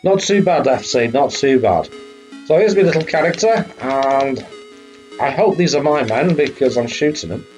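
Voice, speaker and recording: A man's voice: mid-range voice, animated, moderate pace, darkish tone, dull audio, faint music behind. A man hosting a retro game live stream, chatting casually and swearing now and then. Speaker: streamer host.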